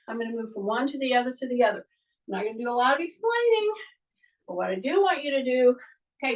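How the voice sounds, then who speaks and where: A woman's voice: high-pitched, recorded from a distance, rough recording. A woman leading a workout class, cueing each move and breath in an encouraging way while she exercises along. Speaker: fitness instructor. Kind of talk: coaching a live workout class.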